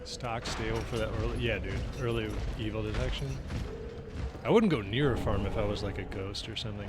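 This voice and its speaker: This is a man commentating his game stream in a loose, rambling way, sliding from gameplay into profane jokes. His voice sits on the low side. A very loud background noise runs under the live-stream mic. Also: a little fast.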